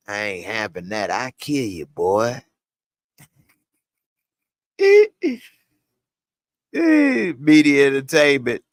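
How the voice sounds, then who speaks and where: A man reviewing a TV episode in casual, slangy reaction commentary, animated and laughing often. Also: medium pitch, no echo.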